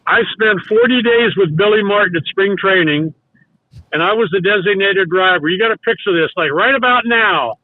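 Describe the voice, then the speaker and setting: A man's voice: high voice, moderate pace, no echo. An older man, a retired baseball coach, telling long rambling stories with restarts and acted-out quotes. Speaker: guest, former baseball coach. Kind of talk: casual storytelling. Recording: dry, tinny phone-like sound.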